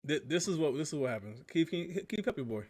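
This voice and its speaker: A man's voice: on the high side, animated, quick pace, a little mellow. A man co-hosting a live podcast, teasing his friends in casual banter. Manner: teasing, joking. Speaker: podcast co-host.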